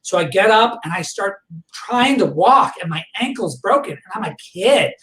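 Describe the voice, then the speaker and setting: A man guest on a podcast, recounting a personal memory in a halting way, full of fillers and restarts. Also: high-pitched, big pitch swings, bright, forceful tone. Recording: echoey room, voice far from the mic.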